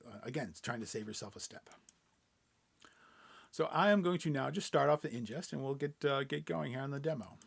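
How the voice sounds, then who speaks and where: A man walking viewers through a software demo in a webinar, relaxed and thinking aloud with lots of fillers. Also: medium pitch, gravelly. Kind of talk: screen-share webinar demo.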